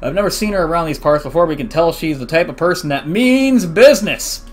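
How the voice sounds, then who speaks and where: Young male let's play host; chatty, animated, reads dialogue aloud over faint game music. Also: fairly high pitch, fast. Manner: chatty, animated, excitable reactions. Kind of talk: casual game commentary, reading dialogue aloud.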